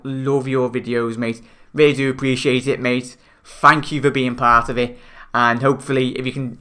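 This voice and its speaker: A man's voice: medium pitch, pushed and bright. A young man from Liverpool with a Scouse accent, chatting on his football fan stream, reading viewer comments and calling them mate. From Liverpool, England. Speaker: football fan channel host. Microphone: new desk microphone.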